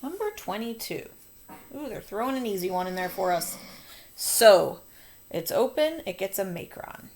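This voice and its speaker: A woman's voice: medium pitch, big pitch swings, moderate pace, a little mellow, a little hiss or hum. A woman teacher talking students through a phonics coding lesson, patient and encouraging.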